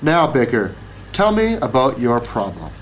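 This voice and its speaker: A man's voice: mid-range voice, huge pitch swings, measured pace, a little hiss or hum. Shrewd, leisurely small-town judge for a storybook, read by a man. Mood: wry. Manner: leisurely and wry.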